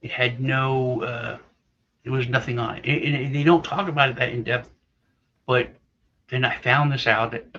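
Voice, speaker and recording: A man's voice: mid-range voice, fairly even intonation, normal speed, sharp tone. A man co-hosting a casual chat, rambling through a story and acting out the other people's lines. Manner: rambling storyteller, acts out quoted voices. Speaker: co-host. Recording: slightly dull lo-fi audio.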